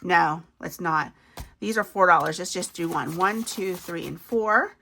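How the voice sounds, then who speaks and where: Woman, talks to viewers as y'all, bright voice, faint background hiss. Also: on the low side, unhurried, gravelly. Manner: chatty, talks to viewers as y'all, laughs at herself. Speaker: budgeting video host. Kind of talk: casual savings challenge commentary.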